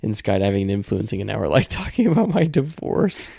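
A laid-back man hosts a podcast with a joking manner. His voice has a gravelly texture. The sound is dry and close. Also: fairly low pitch, big pitch swings, fast, mellow, no room sound. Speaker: podcast host. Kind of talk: casual chat.

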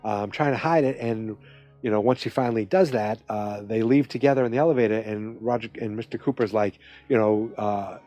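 A man casually recapping a TV episode, rambling and animated, with lots of fillers and restarts. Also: fairly low pitch, fairly quick, faint music behind.

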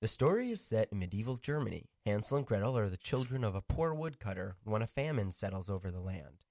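A man's voice: fairly low pitch, very animated, fast, darkish tone, dry recording, clean studio sound. A man co-hosting a radio show, joking around and reading a fairy tale aloud with asides. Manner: joking, easily distracted. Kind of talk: casual chat and reading a story aloud. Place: radio studio.

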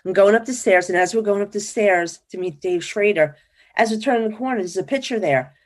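A woman from New Jersey, a psychic guest in an interview, telling stories in a lively, chatty way and acting out what people said. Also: mid-range voice, a little fast. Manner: animated, acts out quoted dialogue. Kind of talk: casual interview storytelling.

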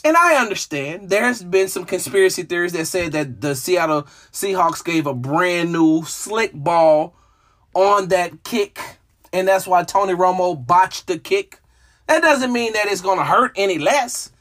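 A man hosting a solo sports show, talking in a dramatic, emotional way that jumps between hushed asides and shouting. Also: sits high, measured pace. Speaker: sports podcast host. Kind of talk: animated solo sports commentary.

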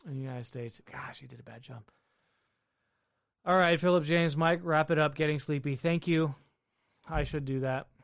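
A man's voice: fairly high pitch, creaky, no room sound, studio quality. A man hosting a casual livestream from his home basement, reading viewer questions aloud and answering them offhandedly. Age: adult with wife and children. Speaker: livestream host answering chat. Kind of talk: casual live-stream chat.

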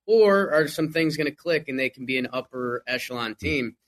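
A man talking baseball in a casual podcast chat, animated and full of quick restarts. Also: mid-range voice. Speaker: podcast guest.

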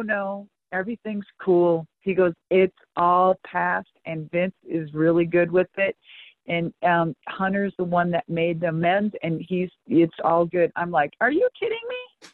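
A middle-aged woman, a monster truck driver, telling a story as an interview guest, animated and profane, acting out both sides of conversations. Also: mid-range voice, no echo. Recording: tinny, dry phone-like line.

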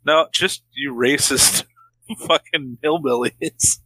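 A wry man on a podcast who laughs easily and keeps tossing in jokey asides. His voice is bright and forward, recorded close and dry with no room sound. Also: mid-range voice, takes it slowly, slightly rough, dry recording, poor audio. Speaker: podcast co-host. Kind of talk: casual movie-recap chat.

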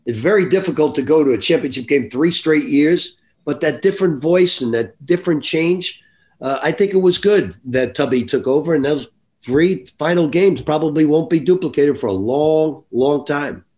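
A man's voice: fairly high pitch, normal speed, darkish tone. An older man, a basketball coach, talking earnestly and reflectively as a guest on a podcast. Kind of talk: podcast interview.

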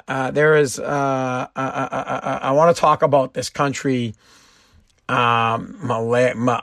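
A man's voice: mid-range voice, fairly bright tone, no echo, clean studio sound. A man from Massachusetts hosting a live-streamed show, ranting in a blunt, joking way and swearing freely. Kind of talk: casual rant.

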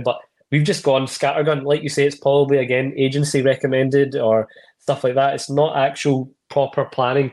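Guy on a football pod, measured, thinks out loud with ums. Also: mid-range voice. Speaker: podcast panelist. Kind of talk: casual football chat.

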